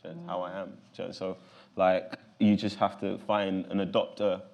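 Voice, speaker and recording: Gravelly London man, low voice. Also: little pitch movement, moderate pace, a little mellow. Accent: London English. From London, England. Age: 30s. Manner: loose, rambling, with many fillers and restarts. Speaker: actor, interview guest. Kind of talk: casual interview talk.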